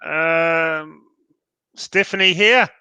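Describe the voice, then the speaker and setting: A man's voice: fairly high pitch, very slow, bright, forceful tone, clear, resonant tone, no echo. An Australian man co-hosting a podcast, chatting bluntly and with strong opinions. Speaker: podcast co-host. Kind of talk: casual chat.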